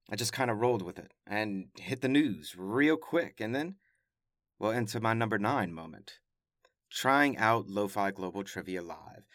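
A chatty, self-deprecating man hosts his podcast from a closet at home, his fairly low voice close to the mic. The sound is dry and dead, with no room around it. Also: a bit bright, dry recording. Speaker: podcast host. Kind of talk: casual solo podcast recap. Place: small home closet studio.

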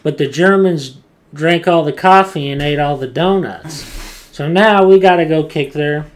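A man voicing a gruff, bossy American army commander from a war game, barking orders in a mock-tough voice. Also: on the high side, normal speed, voice pushed up, close to an everyday voice.

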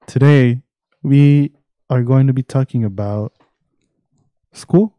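A man's voice: mid-range voice, takes it slowly, no room sound, highs cut off. A young man co-hosting a podcast, leading the talk in a casual, easygoing way and laughing often. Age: young adult. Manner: leads the topics, laughs easily. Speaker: podcast co-host. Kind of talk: casual chat.

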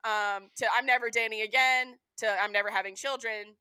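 A woman's voice: fairly high pitch, steady tone, fairly quick, sharp tone, clear, resonant tone, no echo. Candid young woman podcast co-host. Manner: candid, swears freely, acts out quotes. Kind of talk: casual chat.

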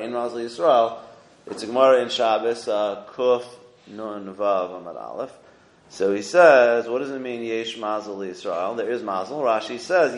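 A man gives a casual Talmud lecture in a voice of middling pitch. He talks it through conversationally, translating each phrase and checking in with the listener. The recording carries a noticeable room echo. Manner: conversational, checks in with "okay?" and "right?", translates Aramaic as he goes. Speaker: Torah teacher.

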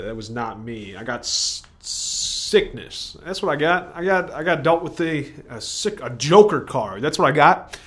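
Rambling, higher-voiced man on a solo podcast. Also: expressive, unhurried, a bit bright, slightly rough. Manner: digressive, stream-of-consciousness, self-interrupting. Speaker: podcast host.

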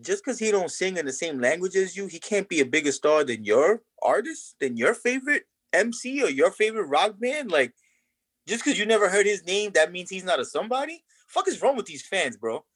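A man's voice: sits high, very animated, brisk, a bit bright, breathy edge. A man in casual podcast chat about wrestling, talking animatedly with heavy street slang and profanity.

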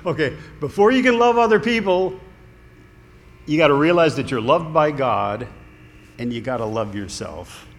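A man preaching a sermon in a conversational, earnest way, with small restarts. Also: mid-range voice. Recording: long hall reverb, faint room noise.

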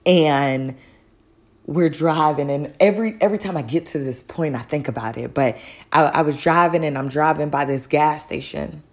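A woman's voice: low voice, normal speed. A woman telling a personal faith testimony, earnest and conversational, speaking directly to listeners.

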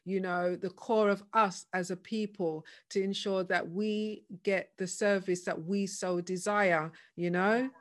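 A woman's voice: medium pitch, fairly even intonation, measured pace, few pauses. A woman hosting an interview podcast, echoing and affirming her guest's points. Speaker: podcast host.

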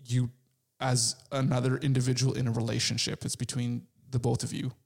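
A man's voice: medium pitch, monotone, brisk, creaky, darkish tone. A man in his forties chatting bluntly about relationships, joking and swearing freely. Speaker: co-host. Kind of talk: casual chat.

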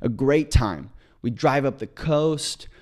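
A man co-hosting a comedy podcast, telling a long story in a casual, excited, rambling way with many restarts. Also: medium pitch, slow. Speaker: podcast co-host.

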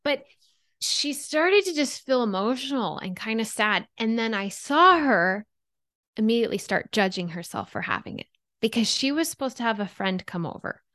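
A woman in her thirties, a podcast guest talking about emotions, telling stories with lively shifts into quoted thoughts. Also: on the high side, moderate pace, no echo, clean studio sound. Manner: animated storyteller, voices her own and others' thoughts. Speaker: podcast guest, anxiety coach. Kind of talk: conversational interview.

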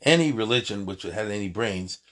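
A man's voice: on the low side, lively intonation, brisk, fairly bright tone. A man teaching an informal lecture on prayer, talking in an emphatic, digressive way with many asides and restarts. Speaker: Torah teacher.

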